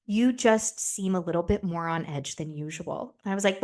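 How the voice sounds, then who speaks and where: A woman's voice: fairly low pitch, normal speed, darkish tone. A young woman hosting a podcast in casual, candid chat, swearing freely and acting out the voices in her stories. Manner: chatty, candid and profane, acts out quoted voices. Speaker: podcast host.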